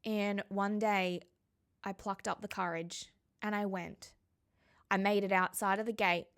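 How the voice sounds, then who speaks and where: A woman and spiritual coach telling a personal story to the camera in a reflective, heartfelt and conversational way, slowing down on emotional words. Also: medium pitch, steady tone, a bit bright.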